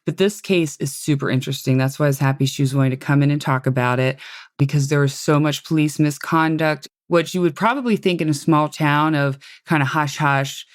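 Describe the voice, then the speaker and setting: A woman with a low voice hosts a casual podcast from her salon. She talks in an eager, rambling way, full of enthusiasm for her guest. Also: fairly quick. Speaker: podcast host and hairstylist. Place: hair salon.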